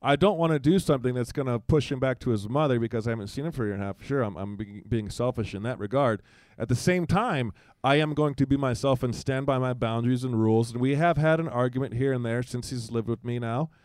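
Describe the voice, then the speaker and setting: A man's voice: mid-range voice, fast, hardly any pauses, darkish tone, no echo, studio quality. A man in his forties, a guest in a casual conversation, telling a personal story and acting out quoted dialogue in livelier voices, with frequent restarts.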